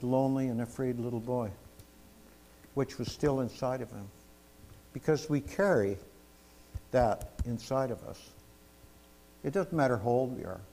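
A man's voice: medium pitch, darkish tone. A man preaching a sermon, telling testimonies with emphasis and asking the congregation "amen?". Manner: storytelling, emphatic, asks "amen?".

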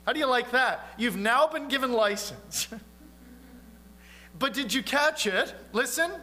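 A man delivering a sermon with a high, bright voice. He preaches earnestly and conversationally, putting rhetorical questions to his listeners. He sometimes sinks to a soft, low tone to press a point home. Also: animated, unhurried. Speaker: pastor.

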